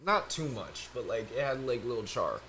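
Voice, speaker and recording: A man's voice: mid-range voice, big pitch swings, moderate pace, a bit bright, a little hiss or hum. A young man co-hosting a podcast, telling a story in casual chat, profane and laughing often. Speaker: podcast co-host.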